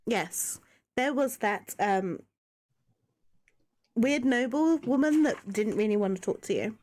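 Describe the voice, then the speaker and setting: A woman's voice: on the high side, animated, slow, a little mellow. A woman running a tabletop game as dungeon master over a video call, patiently explaining rules and scenes.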